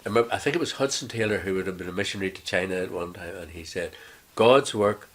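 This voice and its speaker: A man's voice: low voice, quick pace, husky. A man co-hosting a casual chat, mostly giving brief murmured agreements. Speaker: co-host.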